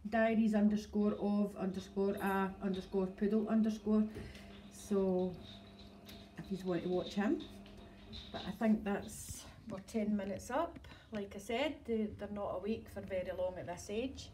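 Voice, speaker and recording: A woman's voice: medium pitch, unhurried, dark tone, slight background noise, rough recording. A middle-aged woman with a Scottish accent chatting on a home livestream, rambling and laughing often as she talks into a phone. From Scotland. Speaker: dog breeder livestreaming. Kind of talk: casual livestream chat. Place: home, indoors.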